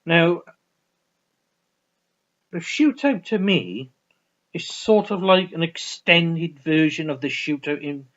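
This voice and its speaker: A man's voice: a little high, expressive, takes it slowly, pauses often, a bit bright. A man rambling through a casual film review, restarting sentences and swearing freely. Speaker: vlogger reviewing films. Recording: dull lo-fi recording.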